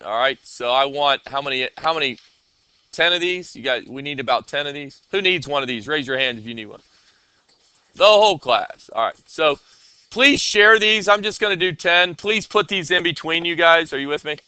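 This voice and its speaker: Bright casual man teaching a class. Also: fairly high pitch, expressive, normal speed, clean tone, dry recording. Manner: casual, checks in with students often. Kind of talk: classroom coding lesson.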